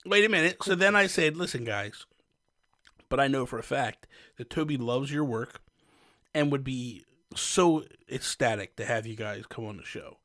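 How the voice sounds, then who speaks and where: A man's voice: mid-range voice, animated, normal speed, a bit bright. A man co-hosting a casual podcast, rambling and teasing with frequent laughter. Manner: laughs often. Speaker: podcast co-host.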